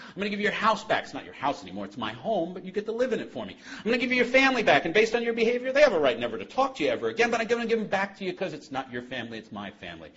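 A man playing a fatherly God who strikes a hard deal with gentle authority. He moves between firm teasing and soft, tender warmth. The recording is muffled and lo-fi. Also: fairly high pitch, pitched above the performer's own voice.

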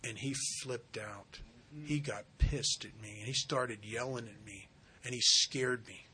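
A man's voice: mid-range voice, a little slow, pushed and bright. A man speaking at a recovery meeting as a sponsor, telling a personal story in an earnest, conversational way.

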